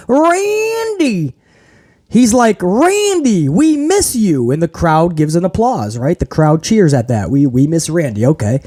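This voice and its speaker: A high-voiced man rants through a wrestling review on his own channel. His talk is casual, profane and animated. He mocks the show with quick impressions as he goes. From grew up in housing projects.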